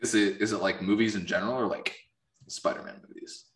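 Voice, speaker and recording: A man's voice: fairly low pitch, a little fast, roomy sound. A man as a guest on a podcast, talking casually and laughing easily. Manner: relaxed, easygoing, laughs often.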